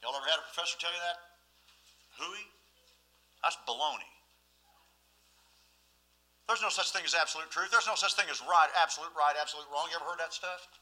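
A man's voice: a little high, fairly quick, pauses often, bright, forceful tone, poor audio. A man preaching a sermon in a folksy, emphatic way, often asking the congregation questions.

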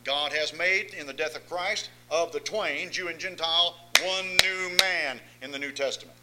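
A man preaching a sermon, swinging between soft asides and loud emphatic lines, often asking the congregation if they follow. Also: on the high side, moderate pace, background noise. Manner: folksy, asks listeners if they follow.

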